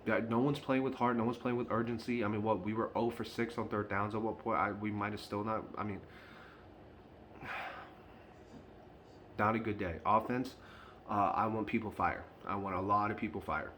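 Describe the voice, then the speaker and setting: A man's voice: fairly low pitch, fairly even intonation, moderate pace, long pauses, a bit bright, slight background noise. A man talking straight to camera in an unscripted fan vlog, frustrated and emphatic, often repeating his points. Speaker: sports fan vlogger.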